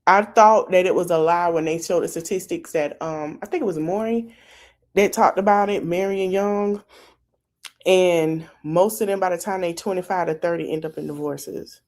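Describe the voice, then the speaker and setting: A woman's voice: lowish voice, moderate pace, darkish tone. A woman in casual chat, giving advice in an emphatic way.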